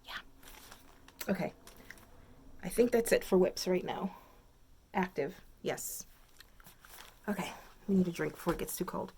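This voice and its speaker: A woman's voice: lowish voice, a little slow, pauses often, mellow, a little hiss or hum. A woman hosting a crafting video podcast from home, chatting casually and thinking aloud, rambling with many fillers. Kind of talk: casual chat.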